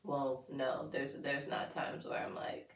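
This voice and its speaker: A young woman talking casually on a podcast about raising her toddler son, candid and quick to laugh. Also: a bass voice, monotone. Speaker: podcast co-host. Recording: echoey room, distant mic.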